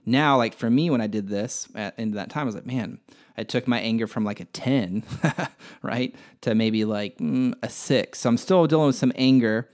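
A man's voice: medium pitch, moderate pace, darkish tone. A man hosting a spiritual podcast, teaching in a casual, candid way and swearing freely as he talks through a personal example. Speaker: podcast host.

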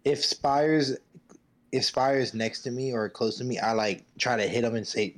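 A man playing a tabletop game, asking quick questions about the scene. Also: mid-range voice, steady tone. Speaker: player.

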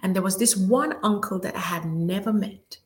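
A woman's voice: mid-range voice, normal speed. A woman hosting a faith talk show, reflective and affirming, sometimes dropping to a near whisper as she tells a story. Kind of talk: casual chat.

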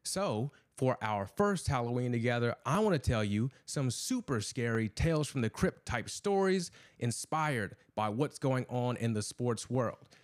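A man's voice: mid-range voice, animated, a little slow, hardly any pauses. A man hosting a sports podcast, chatting casually and then narrating a spooky story. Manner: upbeat and chatty. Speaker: host.

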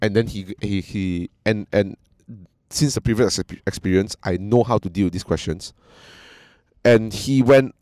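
A man in casual storytelling chat who is animated, swears freely and acts out the people he quotes. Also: lowish voice, a little slow, dry recording.

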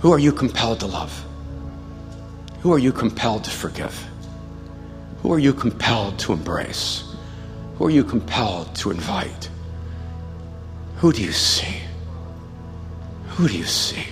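Pastor telling a story in a reverberant hall. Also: male voice, medium pitch, very animated, unhurried, long pauses. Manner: storytelling, self-mocking humor, then quiet prayerful appeal. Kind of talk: sermon. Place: large church hall. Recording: live church hall with long reverb and soft music.

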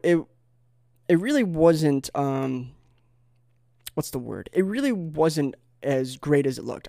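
A man with a somewhat high, gravelly voice rambles to his camera in a comic monologue. He leans on fillers and wanders off on tangents, now and then needling his viewers with sarcastic jabs. The sound is close and dry, with no room around it. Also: a little mellow, no echo. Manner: digressive, filler-heavy, mock-insulting sarcasm. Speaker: vlogger.

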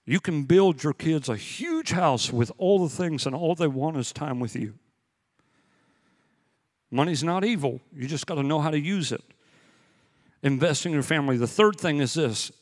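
Male pastor preaching in a reverberant hall. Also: fairly high pitch. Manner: conversational storytelling with emphatic repetition. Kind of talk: sermon.

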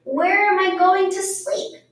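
A woman's voice: extremely high pitch, fairly even intonation, takes it slowly, pitched above the performer's own voice. A woman voicing a fretful little female hedgehog in a storybook reading, wailing and fussing. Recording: very echoey room, mic far off.

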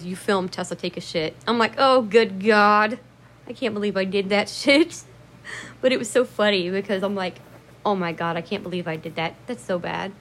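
A woman casually telling memories about her dogs in a rambling, profane way, laughing at herself and jumping up loud when she acts out what people said. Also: mid-range voice, a little hiss or hum. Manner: acts out quoted lines with sudden loud bursts. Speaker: dog owner telling memories. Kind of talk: casual storytelling to camera.

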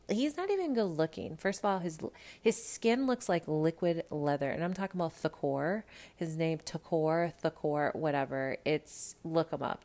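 A woman hosting a podcast in casual chat, animated and profane, talking straight to her listeners about reality TV. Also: sits low. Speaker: podcast host.

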